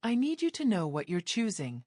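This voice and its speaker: A woman narrator voicing a guarded, brooding man who is a crime boss, speaking quietly and intensely. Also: medium pitch, big pitch swings, moderate pace, dry recording, clean studio sound. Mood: raw.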